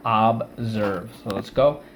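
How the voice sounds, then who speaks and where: A man's voice: lowish voice, slow pace, a little hiss or hum. A male teacher giving a spelling and vocabulary lesson, defining words and leading the class through call-and-response drills, syllable by syllable.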